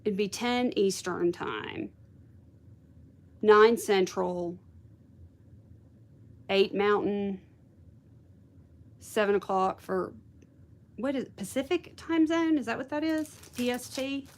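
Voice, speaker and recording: A woman's voice: fairly high pitch, a little slow. A woman hosting a casual craft livestream, chatting with viewers and thinking aloud. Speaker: craft video host.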